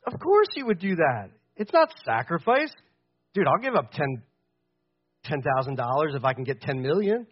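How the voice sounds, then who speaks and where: A young man preaching with a high, bright voice, casual and animated, sometimes loud and sometimes hushed. He acts out little voices in quotes as he goes. The sound is a bit muffled and lo-fi. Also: moderate pace, breathy edge. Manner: animated and conversational, swinging from loud to quiet. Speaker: pastor. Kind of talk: sermon. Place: church stage.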